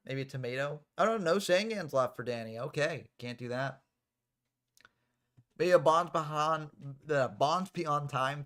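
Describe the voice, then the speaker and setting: A man's voice: medium pitch, fairly bright tone. A man casually calling a card game match play by play as channel host, drifting into chatty asides.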